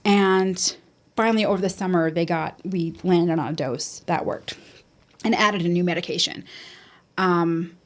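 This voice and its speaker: A woman as a podcast guest, candidly recounting a personal story in a halting way, with many restarts and quoted self-talk. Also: lowish voice.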